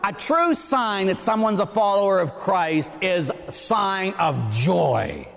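A priest preaches with a somewhat high, very lively voice that climbs and dips as he tells his story. He acts out the voices of the people he quotes. The sound carries a long reverb, as in a large church. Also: takes it slowly, creaky. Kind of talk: sermon with storytelling.

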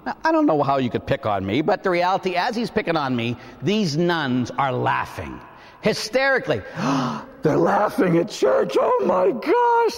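A priest preaches with a somewhat high, very lively voice that climbs and dips as he tells his story. He acts out the voices of the people he quotes. The sound carries a long reverb, as in a large church. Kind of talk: sermon with storytelling.

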